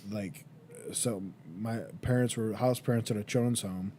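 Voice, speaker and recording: A man's voice: lowish voice, fairly even intonation, moderate pace, warm tone, slight background noise. A young man co-hosting a podcast, chatting casually and telling stories with many fillers and restarts. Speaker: podcast co-host. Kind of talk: casual chat.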